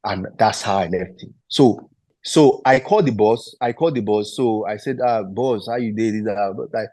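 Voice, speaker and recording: A man in his thirties, a former footballer and interview guest, telling a story and acting out the quoted dialogue in an animated way. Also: on the low side, normal speed, no room sound.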